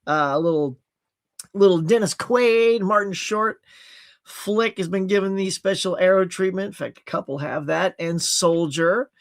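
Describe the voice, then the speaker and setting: A man hosting a casual livestream from his home setup, chatting about new movie releases in an animated way and laughing at himself. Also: high voice, measured pace. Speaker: livestream host. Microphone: computer with HD webcam.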